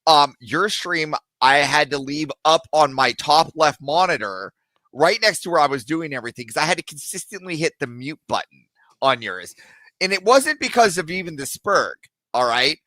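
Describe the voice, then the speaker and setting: A man's voice: on the high side, expressive, normal speed, pushed and bright, no room sound. A man calling into a livestream show, chatting casually and rambling with lots of fillers and laughs. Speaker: caller. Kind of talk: casual chat.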